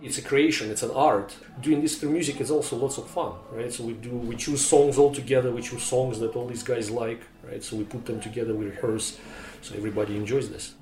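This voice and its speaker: A man's voice: mid-range voice, steady tone, fairly quick, darkish tone, reverberant, low-quality recording. A male choir director speaking in an interview with upbeat phrasing. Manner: upbeat, uses "right?" and "you know". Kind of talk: interview speech.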